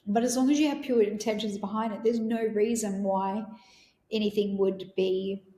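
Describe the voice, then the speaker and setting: A woman's voice: medium pitch, fairly even intonation, normal speed, dark tone, reverberant. A woman, hosting a podcast and telling a personal story in an earnest, emotional, rambling way. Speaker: podcast host.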